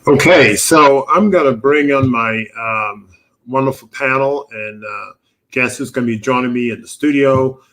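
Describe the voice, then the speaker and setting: Relaxed man hosting a medical panel. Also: medium pitch, moderate pace. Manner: relaxed, filler-heavy, conversational. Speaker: physician hosting a live panel show. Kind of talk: live online presentation with slides. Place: studio.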